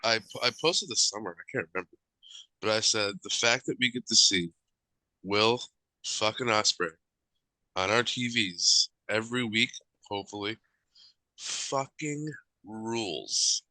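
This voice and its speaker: A man co-hosting a podcast in casual chat, blunt, jokey and quick to swear. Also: fairly low pitch, sharp tone, no room sound, poor audio. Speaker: podcast co-host.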